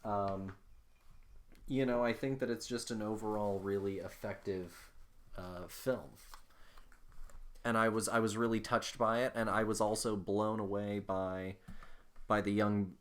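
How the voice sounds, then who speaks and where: A man's voice: lowish voice, fairly even intonation, unhurried, pauses often. A man co-hosting a film podcast, explaining his thoughts on a movie in a thoughtful, casual way. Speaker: podcast co-host.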